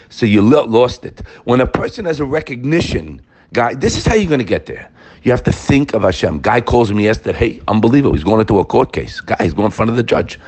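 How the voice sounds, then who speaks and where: A man giving an informal Torah class, talking straight to his listeners and repeating key phrases for emphasis. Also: fairly low pitch. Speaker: Torah teacher.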